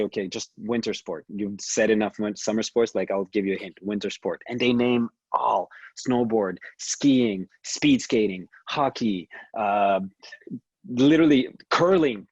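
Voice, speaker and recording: A man from Canada, a figure skater, telling stories in an animated, casual way over a video call, with frequent restarts. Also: on the low side, moderate pace, breathy edge, no echo, dull audio. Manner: animated storytelling with many restarts and laughs. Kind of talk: casual conversation.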